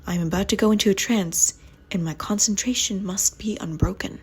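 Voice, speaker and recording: A woman voicing a smug male fraudulent spirit medium who keeps his voice low and commanding to hold a séance room. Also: fairly quick, breathy edge. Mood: hushed.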